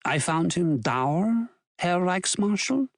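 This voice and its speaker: A man's voice: high-pitched, animated, slow pace, no echo, clean studio sound, exaggerated voice. A man voicing a wary German scholar who answers formally and carefully, with a respectful title each time. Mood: cautious.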